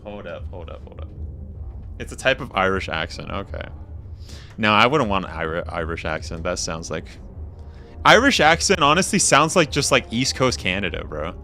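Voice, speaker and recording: A man's voice: low-pitched, big pitch swings, normal speed, sharp tone, soft background music. A young man chatting casually with viewers on a game stream, laughing often and tossing in slangy asides. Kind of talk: casual live-stream chat.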